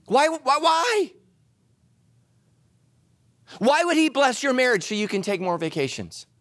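A man preaching a sermon as pastor, telling stories with humor and swinging between loud emphasis and hushed asides. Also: extremely high pitch, animated, unhurried, dry recording, studio quality.

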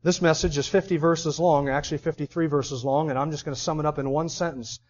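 A man's voice: fairly high pitch, fairly even intonation, fast talker, highs cut off. A man preaching an expository sermon, reading scripture aloud and then pressing home his points with emphasis.

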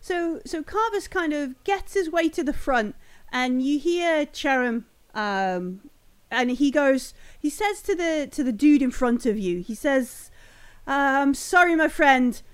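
Woman game master, high voice, hesitant narration with fillers. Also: lively intonation, a little slow.

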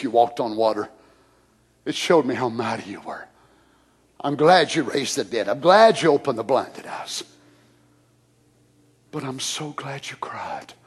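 A man preaching and praying in a sermon, moving from hushed whispers to loud shouts. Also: on the high side, slightly rough. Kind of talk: sermon prayer.

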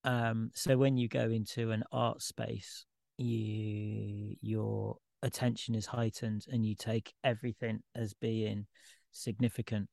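A man's voice: on the low side, level tone, slow, vocal fry, a little mellow, no echo, clean studio sound. A man who is a guest artist, talking candidly and at length in an informal podcast conversation. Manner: candid, rambling, self-deprecating.

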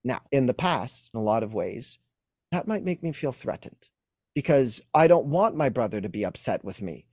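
A young adult man speaks as an emotional wellness coach in an interview, earnest and explanatory. His voice sits at an ordinary middle pitch. The recording is dry, with no room sound. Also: sing-song, normal speed, a little mellow, no echo. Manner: earnest, explanatory, acts out quoted dialogue.

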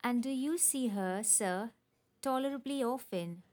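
Soft-hearted young wife, plaintive, voiced by a woman narrator. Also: fairly high pitch, measured pace, natural voice. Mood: sympathetic. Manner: plaintive, sympathetic. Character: sympathetic young married daughter, soft-hearted.

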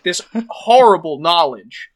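A man's voice: a little high, animated, takes it slowly. A man co-hosting a podcast, telling a mock-dramatic scene in a theatrical, ominous way. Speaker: podcast co-host. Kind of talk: casual chat and mock-dramatic bit narration.

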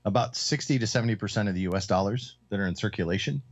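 Man, low voice, round-table co-host, explains economics, lots of fillers, muffled lo-fi audio. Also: fast talker. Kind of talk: casual round-table discussion. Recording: dull lo-fi sound.

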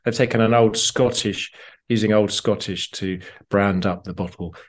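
Male podcast co-host, lowish voice, loose and keen, filler-heavy chat. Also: steady tone, moderate pace. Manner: chatty, enthusiastic, lots of fillers. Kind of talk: casual drinks podcast chat.

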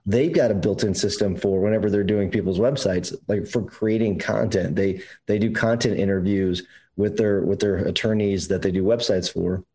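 A man's voice: fairly low pitch, fairly even intonation, normal speed, dark tone, husky, poor audio. A man co-hosting a podcast in casual chat, emphatic and swearing freely, his voice climbing when he presses a point. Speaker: podcast co-host.

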